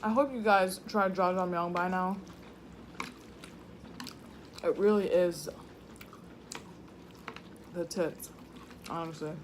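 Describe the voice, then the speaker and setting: Woman, low-ish voice, casual eating chat, slangy, at home, faint storm behind. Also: takes it slowly, pauses often, a little hiss or hum. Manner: chatty, slangy, talks between bites. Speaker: mukbang vlogger. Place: home room indoors. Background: faint thunderstorm.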